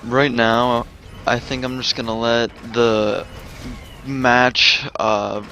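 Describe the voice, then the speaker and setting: A man's voice: mid-range voice, flat delivery, takes it slowly, sharp tone, dull audio, slight background noise. Rambling man telling a story. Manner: rambling, lots of "like" fillers and restarts. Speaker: gaming vlogger. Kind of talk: casual storytime vlog.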